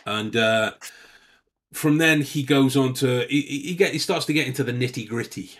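A man's voice: mid-range voice, moderate pace, a bit bright. Chatty man breaking down body language. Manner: chatty, swears, laughs often. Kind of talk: casual chat.

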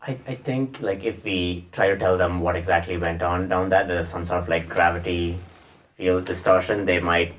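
A man's voice: low voice, steady tone, normal speed, fairly bright tone. A man playing in a tabletop game, hesitant and restarting his phrases. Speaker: player. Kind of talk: casual tabletop play. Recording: distant mic.

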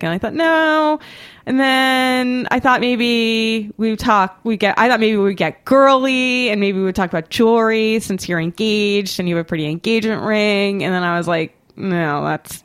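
A woman's voice: mid-range voice, fairly bright tone, clear, resonant tone. A woman hosting a podcast with playful, teasing chatter. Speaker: podcast host. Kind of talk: casual podcast chat.

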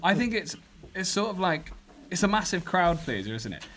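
A man's voice: high voice, big pitch swings, normal speed, fairly bright tone, slight background noise. A man from England in a casual comedic chat, making wry, jokey asides.

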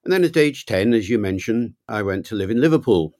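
An older man from Wales, a linguist guest in an interview, telling anecdotes in a reflective, measured way. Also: lowish voice, expressive, a little mellow, no room sound, clean studio sound. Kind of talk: relaxed interview storytelling.

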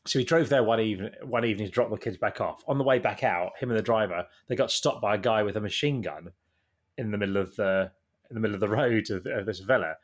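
A man, a guest in a casual interview, telling long rambling anecdotes that get animated at the funny parts. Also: lowish voice, quick pace.

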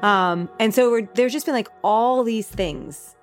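A woman's voice: on the high side, measured pace, music in the background. A woman, a company founder, telling a personal story in a candid, rambling way, with fillers and restarts.

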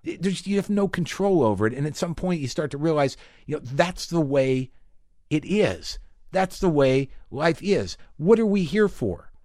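A man performing a stand-up comedy routine, talking with animated swings and profanity and acting out the voices of people in his stories. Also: on the high side, normal speed, no echo, studio quality. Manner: animated, swearing, acts out voices in bits.

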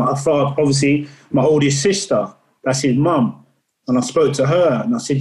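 A man sits as a guest in a relaxed interview and tells a story in an earnest, unhurried way. He often stumbles and repeats words as he goes, in a voice of ordinary height. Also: medium pitch, echoey room, rough recording. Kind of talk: casual interview.

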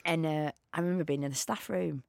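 A middle-aged woman with a Bolton accent, a guest telling a lively story in an interview and acting out the people in it. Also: quick pace, creaky, no echo, clean studio sound. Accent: Bolton, Lancashire. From Bolton, England. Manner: animated, acts out quoted people with pitch jumps. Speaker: actor, podcast guest.

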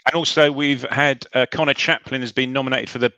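Bright-voiced man hosting a chat. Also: medium pitch, steady tone, no echo, highs cut off. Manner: chatty, greets listeners, halting restarts. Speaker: podcast host. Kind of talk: casual football chat.

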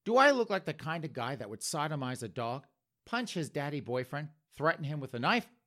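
A man's voice: fairly high pitch, very animated, a little fast, bright, forceful tone. A man doing a sleazy, indignant liar. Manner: flustered, indignant excuses. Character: sleazy, defensive man caught lying.

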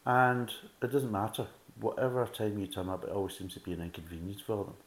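A Scottish man with a low, deep voice rants through a casual beer review, blunt and sarcastic and swearing freely. His voice rings off the walls of an echoey room. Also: a little fast. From Scotland.

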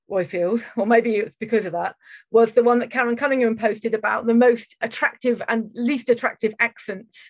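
A woman's voice: mid-range voice, dry recording. A woman hosting a podcast, chatting enthusiastically and rambling with fillers. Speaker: podcast host. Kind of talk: casual chat.

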